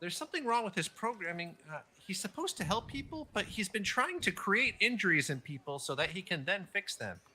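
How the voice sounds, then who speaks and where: A man's voice: sits high, very animated, brisk, few pauses, sharp tone, slightly rough. A man playing a tabletop game, speaking in character in a rambling, hesitant way full of ums and restarts. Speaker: player. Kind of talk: in-character tabletop role-play.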